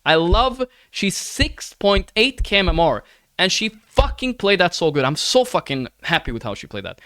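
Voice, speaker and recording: A man's voice: high-pitched, very animated, moderate pace, pushed and bright, dry recording. A man streaming live and ranting to his chat. He swears often, keeps asking "right?" and calls his listeners brother in an earnest, pleading way.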